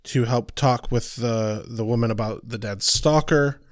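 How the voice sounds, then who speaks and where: Casting: male podcast co-host, mid pitch, rambling casual recap, dry close mic. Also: unhurried, no room sound.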